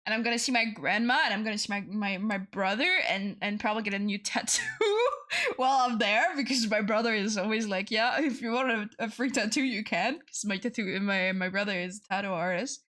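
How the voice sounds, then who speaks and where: A young woman with a French accent chatting casually on a stream, swearing a lot, laughing often and repeating herself when she gets excited. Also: mid-range voice, fairly quick. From France. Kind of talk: casual chat.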